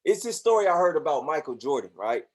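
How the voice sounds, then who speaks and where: Animated preachy man. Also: on the high side, quick pace. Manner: preachy and animated, acts out voices in his stories. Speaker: motivational speaker. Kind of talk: motivational talk.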